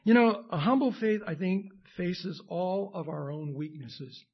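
A man preaching a sermon as pastor, pausing often with fillers and restarts, then building to emphatic peaks. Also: high voice, slightly rough, lo-fi sound.

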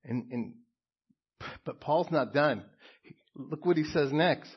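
A man preaching a sermon as a pastor, earnest and emphatic, with pauses and repeated phrases. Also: fairly high pitch, breathy edge, muffled recording.

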